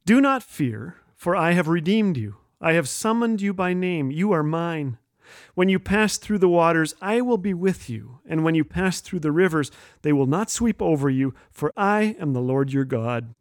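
A middle-aged man hosting a humor radio show, telling stories with wry, gentle jokes and chuckling at his own lines. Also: a little high, lively intonation, moderate pace, no echo, studio quality.

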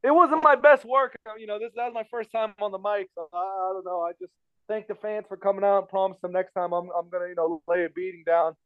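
Fast-talking high-voiced man telling a story. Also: smooth, no echo, phone-quality sound. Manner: rambling, repeats himself, frequent fillers. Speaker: podcast guest telling a story. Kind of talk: casual storytelling chat.

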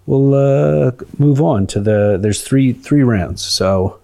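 A man's voice: mid-range voice, slow, vocal fry, mellow. A man hosting a comedy podcast, talking casually and rambling through the show's games. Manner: chatty, rambling, hesitant with restarts. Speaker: podcast host.

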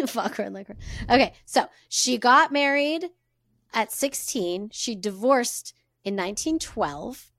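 Chatty woman podcast co-host, slightly high voice. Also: lively intonation, takes it slowly, a bit bright, dry recording, studio quality. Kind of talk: casual chat.

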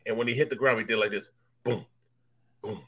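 A man, a former pro football player, co-hosting a sports talk show and telling animated stories, laughing and repeating himself as he goes. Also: medium pitch, very fast. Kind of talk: casual storytelling chat.

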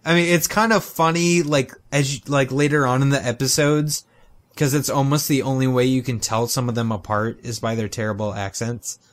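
Brief: man, podcast co-host, mid-pitched, jokey and lively in casual chat. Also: normal speed. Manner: joking, animated retelling of cartoon scenes.

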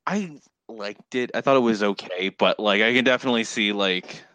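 Low-voiced man, dry close sound. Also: moderate pace, fairly bright tone, no room sound. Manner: eager, stumbling, laughs along. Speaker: wrestling podcast co-host. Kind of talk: casual podcast chat.

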